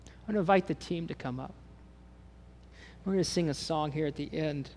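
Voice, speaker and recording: A man preaching in a church with a somewhat high voice, earnest and personal, often restarting his sentences. His pitch and volume climb when he speaks God's words, and a faint hum sits under the recording. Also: fairly quick, long pauses. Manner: swells louder and higher when voicing God's words. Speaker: pastor. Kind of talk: sermon. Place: church sanctuary.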